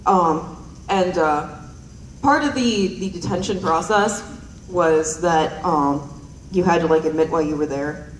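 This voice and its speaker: A woman's voice: fairly low pitch, unhurried, a little hiss or hum. A young woman telling rambling, self-deprecating stand-up stories on stage into a handheld mic, with lots of ums and giggles. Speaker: stand-up comedian. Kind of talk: stand-up storytelling. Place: stage at a performance night. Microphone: handheld stage microphone. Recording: roomy hall mic heard from a distance.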